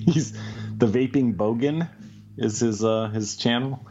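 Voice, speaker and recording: A man's voice: mid-range voice, slow pace, muffled recording, noisy background. A man co-hosting a podcast, chatting casually in a laid-back, rambling way and swearing freely. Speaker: podcast co-host. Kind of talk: casual chat.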